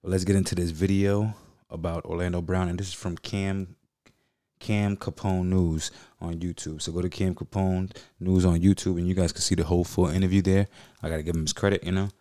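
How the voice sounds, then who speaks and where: A man's voice: low-pitched, level tone, a little fast, dark tone. A man hosting a podcast, reacting to clips in casual, slangy, profane talk. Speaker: podcast host.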